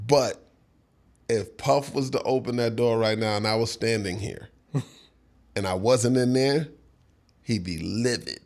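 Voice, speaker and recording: A middle-aged man, a songwriter guest in a casual interview, telling a story with lots of laughs and acted-out quotes. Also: medium pitch. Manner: animated storyteller who acts out quotes, laughs often.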